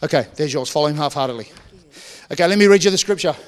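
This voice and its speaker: Pastor guy preaching, chatty and jokey, lots of restarts, high voice, long church echo. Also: fast, smooth. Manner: conversational, joking asides, frequent restarts. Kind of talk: sermon.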